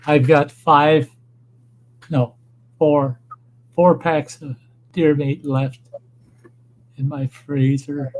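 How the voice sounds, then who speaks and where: A northern Wisconsin man runs a casual livestream, telling meandering, foul-mouthed, animated stories about food and fishing. His voice sits on the high side, he draws out his words and pauses often, and the recording is rough.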